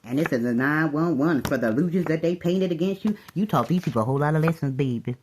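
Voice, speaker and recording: A woman giving a casual tarot reading to her viewers, animated, calling everyone "baby" and laughing often. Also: sits low, fast talker, a little hiss or hum. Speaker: tarot reader.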